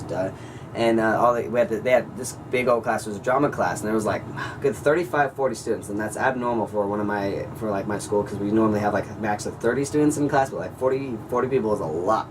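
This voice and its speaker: Teenage guy, casual vlog, rambling and excitable, fast talker, slightly distant mic, faint background hum. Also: on the low side. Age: teens. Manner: rambling, excitable, says "like" and "you guys" a lot. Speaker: vlogger.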